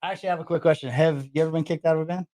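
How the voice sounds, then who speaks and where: A man's voice: a little high, steady tone, racing, darkish tone. A man who is a guest on a podcast, chatting casually, asking questions and laughing a lot. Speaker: guest musician.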